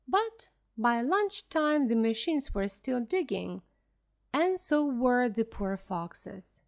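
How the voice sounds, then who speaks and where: A woman reads a simple storybook aloud with clear, expressive narration. Her voice sits fairly high and moves a lot in pitch. She takes a slow, careful pace. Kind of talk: slow scripted reading of a graded story.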